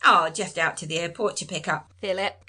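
A man's voice: a little high, a little fast, sharp tone, husky, full character voice. Woman reading as an easygoing grown son. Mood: casual. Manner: casual, upbeat. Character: tall enthusiastic adult son, easygoing.

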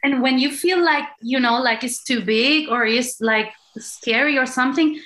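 A woman's voice: high-pitched, a bit bright, slight background noise. A woman on a casual podcast who keeps agreeing with her co-host with short, encouraging replies. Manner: affirming, quick agreeing replies. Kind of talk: casual spiritual podcast chat.

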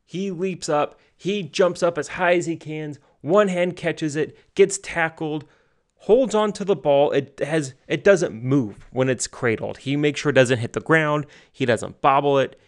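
A young man giving solo sports commentary from home, excitable and gushing, often repeating and restarting himself. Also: on the high side, unhurried, no room sound, studio quality. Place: home basement.

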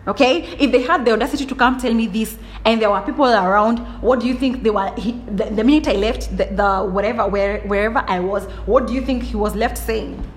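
A young adult woman hosting her own podcast, telling stories in a lively, chatty way and often saying "like" and asking "do you understand?". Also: on the high side, brisk, few pauses. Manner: animated storytelling, frequent "like" and "do you understand?". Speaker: podcast host. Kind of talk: casual solo monologue.

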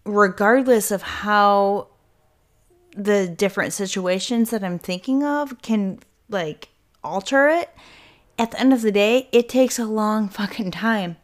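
A woman's voice: medium pitch, measured pace. Rambling, cursing woman podcast host. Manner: rambling, self-interrupting, swears casually. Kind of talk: casual solo podcast talk.

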